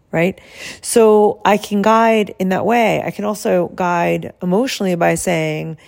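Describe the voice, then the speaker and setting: A woman health coach who explains her service in a soft, calm and soothing way and guides slow breathing. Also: fairly low pitch, creaky.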